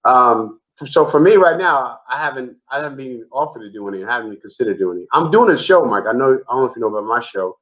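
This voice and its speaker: Man, from the Bronx, animated storyteller, middle pitch, muffled lo-fi audio. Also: quick pace, few pauses. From the Bronx, New York. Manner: animated, repetitive storyteller saying "man" a lot. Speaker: comedian guest. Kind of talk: casual storytelling chat. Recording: dull lo-fi remote audio.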